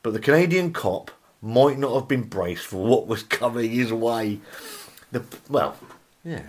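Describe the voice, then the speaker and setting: A man's voice: medium pitch, animated, measured pace, a little mellow. A man hosting a comedy podcast, reading strange news stories aloud, stumbling over words, breaking off to laugh and riff, and swearing casually. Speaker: podcast host.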